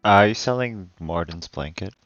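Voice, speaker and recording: A man running a tabletop game as game master, talking slowly with many fillers. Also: low voice, expressive, a bit bright, no room sound, muffled recording, faint music behind. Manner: slow, halting, many fillers. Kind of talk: narrating a live tabletop game.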